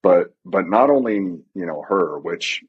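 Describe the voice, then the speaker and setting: A middle-aged man with a low, husky voice answers interview questions haltingly. He speaks softly and leans on filler words as he works through each thought. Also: lively intonation, narrow, tinny audio. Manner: halting, soft, frequent fillers. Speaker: guest, retired pararescueman. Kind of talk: reflective interview.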